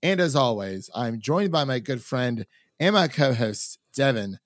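A man's voice: mid-range voice, lively intonation, measured pace, no room sound, clean studio sound. A man from Ohio hosting a film review podcast in casual chat, laughing often. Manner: laughs often, chatty with fillers. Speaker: podcast host.

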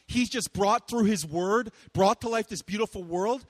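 A young man preaching a casual, animated sermon, with playful asides and loud exclaiming bursts. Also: high voice, moderate pace, no room sound, long reverb tail. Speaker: pastor.

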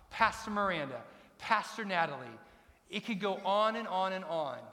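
A man's voice: high-pitched, pushed and bright. A middle-aged man preaching a sermon as pastor, emphatic and repeating his key lines. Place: church sanctuary. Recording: long reverb of a large church hall.

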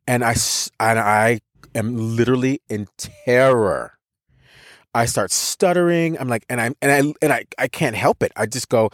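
A man's voice: medium pitch, moderate pace, no room sound, studio quality. Stammering American man telling a story. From United States. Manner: emphatic, with frequent restarts and stammered repeats. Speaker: podcast co-host. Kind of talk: personal storytelling in casual conversation.

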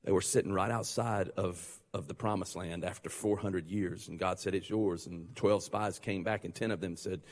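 A male pastor preaching a sermon, joking and conversational, then building to loud, fervent passages. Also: deep voice, fairly even intonation, moderate pace, few pauses, in a large hall.

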